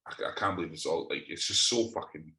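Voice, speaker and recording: A man's voice: low-pitched, quick pace, bright, forceful tone, echoey room, low-quality recording. A Scottish man co-hosting a podcast, chatting casually in a sweary, exasperated, rambling way. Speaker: podcast co-host. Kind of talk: casual chat.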